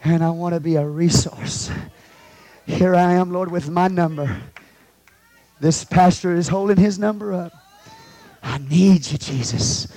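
A pastor with a drawl leading a sermon, preaching in call-and-response and moving between hushed prayer and loud exhortation. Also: male voice, high-pitched, fairly even intonation, unhurried. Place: church sanctuary.

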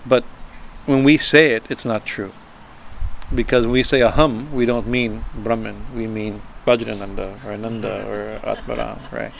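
A man giving an informal spiritual talk, halting and repeating himself, often checking in with a quick "right?" and chuckling as he explains. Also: fairly low pitch, steady tone, vocal fry, a little hiss or hum. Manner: halting, repeats words, frequent "right?" asides. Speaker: spiritual teacher.

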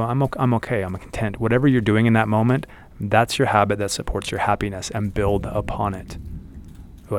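A man's voice: on the low side, creaky. A man hosting a podcast, giving casual motivational advice in an earnest way and repeating phrases for emphasis. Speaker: podcast host. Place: outdoors in the desert.

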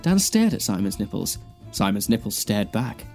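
A man's voice: fairly low pitch, moderate pace, vocal fry, faint music behind. A man, a podcast co-host, reading a fan fiction aloud. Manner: deadpan reading, breaking into laughter.

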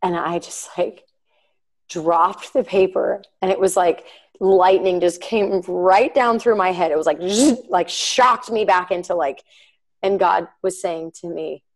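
A woman in her thirties co-hosts a podcast, sharing a personal faith story. She talks earnestly and chattily, with fillers and asides to her listeners. Her voice sits a little low for a woman. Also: measured pace, rough recording. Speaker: podcast co-host.

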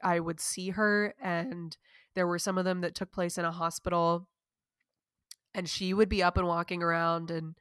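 Smooth-voiced woman sharing personal stories. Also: on the low side, flat delivery, normal speed, dry recording, studio quality. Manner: reflective, storytelling, soft-spoken. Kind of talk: casual conversation about grief.

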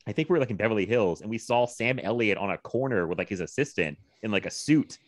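Man, 30s, from Virginia, low voice, very lively pitch, laughing storyteller, dry close sound. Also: quick pace, no echo. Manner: animated storytelling, laughs often, quotes people in lively voices. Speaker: podcast co-host. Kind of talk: casual chat.

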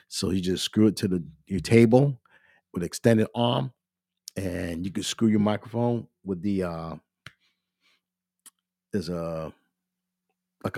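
A congested man hosts a podcast in a casual, chatty way, clearing his throat now and then. His voice sits low. It is recorded close and dry on a studio microphone. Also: dry recording. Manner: addresses listeners as "ladies and gentlemen". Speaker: podcast host. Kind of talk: casual gear talk.

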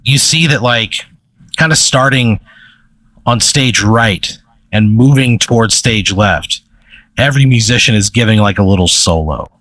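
A man's voice: fairly low pitch, a little slow, fairly bright tone, no room sound. A man telling a long, rambling comedic story in casual chat, full of "like" and "right?".

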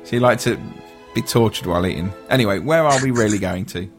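A man's voice: fairly low pitch, fast talker, soft background music. A man hosting a casual chat, rambling and joking as he talks. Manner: chatty, rambling, jokey. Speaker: podcast host.

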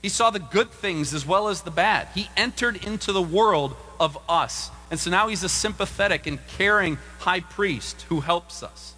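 A middle-aged man preaching a sermon as pastor, animated and acting out voices in the stories he tells. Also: moderate pace, hardly any pauses, slightly rough. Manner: animated, acts out quoted voices with big pitch jumps. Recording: long reverb of a large room.

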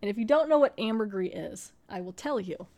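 A woman's voice: medium pitch, animated, brisk, dark tone. A young woman hosting a podcast, casually recapping a TV episode in a rambling, chatty way full of fillers and laughs. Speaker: podcast host reviewing TV episodes. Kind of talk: casual chat recapping a show.

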